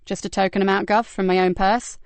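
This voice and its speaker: A woman narrator voicing a blunt female police constable who speaks plainly and briskly. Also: medium pitch, level tone, clear, resonant tone, no room sound, close to an everyday voice. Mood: worried.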